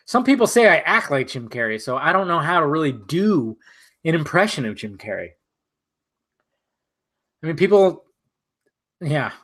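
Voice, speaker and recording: A man's voice: fairly high pitch, fairly bright tone. A young man in a casual live stream who answers chat in a loose, profane way and laughs often, at home in front of a green screen.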